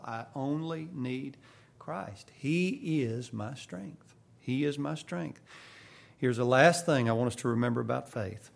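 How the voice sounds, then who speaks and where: A man preaching a sermon in an earnest way, rising to loud emphasis and dropping to quiet, firm statements. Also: mid-range voice, vocal fry.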